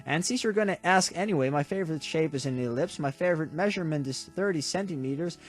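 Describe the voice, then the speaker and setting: A man's voice: a little high, quick pace, soft background music, close to an everyday voice. A man voicing a smug, cheerful young boy while reading a video game's story aloud. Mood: cheeky. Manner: cheerful and boastful.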